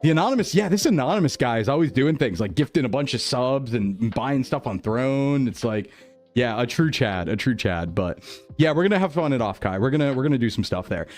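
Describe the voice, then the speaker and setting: A man chatting casually on a live stream, excitable and gushing with thanks, often breaking into laughter. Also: mid-range voice, brisk, soft background music.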